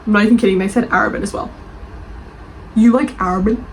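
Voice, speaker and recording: A young woman reading book reviews aloud and reacting with animated, defensive chat. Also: medium pitch, fast, a little hiss or hum, rough recording. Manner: animated, gushing, defensive, laughs often.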